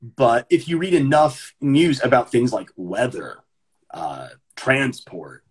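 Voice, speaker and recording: Husky, lively American man. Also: mid-range voice, slow. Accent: General American. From United States. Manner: animated, jokey, puts on voices. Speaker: guest English teacher. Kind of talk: casual chat.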